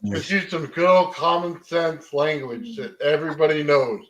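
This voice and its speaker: A man's voice: a little high, steady tone, normal speed, a bit bright, muffled recording, slight background noise. A man joking and teasing in a casual group video chat.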